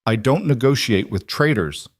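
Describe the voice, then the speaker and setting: A man's voice: mid-range voice, expressive, moderate pace, dry recording, clean studio sound, close to an everyday voice. A man voicing a cold, hard imperial marshal in a fantasy audiobook.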